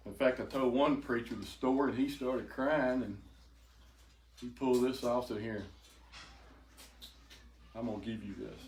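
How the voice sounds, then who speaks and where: An older man telling an emotional personal testimony to a group, halting and repeating words as he goes. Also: mid-range voice, fairly even intonation. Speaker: speaker giving a testimony. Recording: echoey room, faint noise.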